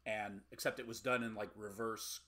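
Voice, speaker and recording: A man co-hosts a casual podcast and rambles through a movie recap with dry jokes. His voice is husky, with a bright edge. He pads his lines with plenty of fillers. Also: lowish voice, fairly even intonation, normal speed. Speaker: podcast co-host.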